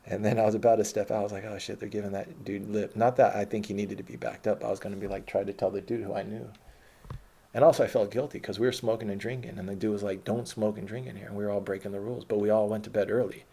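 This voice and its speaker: A man's voice: lowish voice, flat delivery, quick pace, vocal fry, mellow, a little hiss or hum. A man telling a personal story in a casual, rambling, profane way, often stopping to correct himself.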